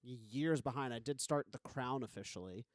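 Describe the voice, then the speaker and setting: A man co-hosting a podcast in casual chat, animated and ranting, with the odd mock voice. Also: mid-range voice, moderate pace, dry recording, studio quality. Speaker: podcast co-host.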